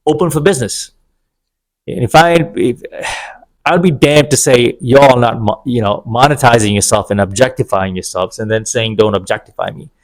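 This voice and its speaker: A middle-aged male vlogger speaks to camera in a casual, opinionated, sarcastic monologue about dating that wanders into digressions. His mid-range voice moves at normal speed.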